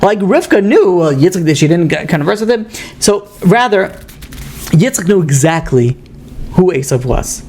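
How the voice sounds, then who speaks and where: A man's voice: high voice, big pitch swings, moderate pace, darkish tone, slight background noise. A man, a rabbi, giving an informal lesson on the Mishnah, speaking conversationally and retelling stories with acted dialogue, often restarting his sentences. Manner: loose phrasing with frequent restarts.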